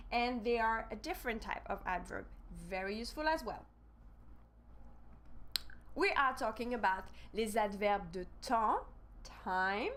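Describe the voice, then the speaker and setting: A woman's voice: fairly high pitch, a bit bright. A woman with a French accent, teaching a live online language lesson and spelling words out letter by letter.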